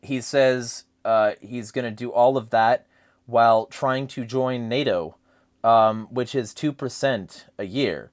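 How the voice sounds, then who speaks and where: A man hosting a casual political chat, ranting in a rambling, profane and animated way. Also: mid-range voice, slow pace, no room sound, clean studio sound. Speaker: podcast host.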